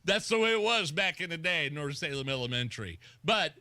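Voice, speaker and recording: A middle-aged man from Indiana, co-hosting a radio show and telling stories in excitable, casual banter. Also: fairly high pitch, a little fast, dry recording. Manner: excitable storyteller. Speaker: radio co-host.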